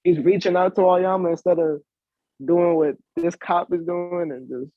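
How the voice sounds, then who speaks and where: A man's voice: high voice, fairly even intonation, measured pace, no echo, muffled recording. A man chatting casually in a laid-back way as a co-host. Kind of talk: casual chat.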